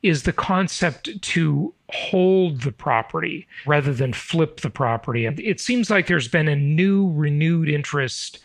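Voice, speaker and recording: A middle-aged man hosting an interview podcast, chatty, with quick asides and self-corrections. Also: on the high side, animated, dry recording. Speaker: podcast host.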